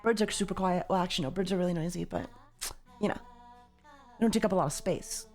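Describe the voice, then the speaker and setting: A woman hosting a casual livestream chat, loud and sweary, with a slightly tired voice. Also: on the low side, fast talker, faint music behind. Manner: loud, swears freely, jumps into yelling. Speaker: livestream host.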